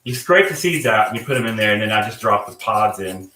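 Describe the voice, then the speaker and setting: A man's voice: fairly low pitch, lively intonation, fast, pushed and bright, reverberant, distant mic, a little hiss or hum, poor audio. A man from the American South with a General American accent, chatting casually while he cooks, his talk full of "like" and "you know". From North Carolina, raised partly in Georgia. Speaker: guest cook. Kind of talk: casual chat while cooking.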